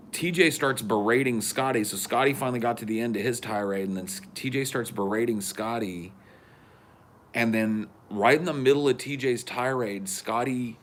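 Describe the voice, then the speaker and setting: A man in his thirties telling a wild story as a podcast co-host in casual chat, cursing freely and acting out the quotes loudly. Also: medium pitch. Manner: animated, swearing, acts out quotes loudly.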